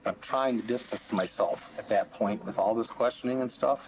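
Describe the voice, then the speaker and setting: A man's voice: lowish voice, normal speed. A man being questioned by police, talking defensively and wryly, sidestepping the questions. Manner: defensive, wry, evasive. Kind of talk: police interview. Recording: dull archival footage with faint noise.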